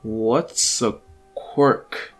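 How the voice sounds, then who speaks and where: A man doing a calm, clueless stranger. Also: a little high, slow, soft background music, heavily acted. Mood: puzzled. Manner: easygoing hesitant with many uhs.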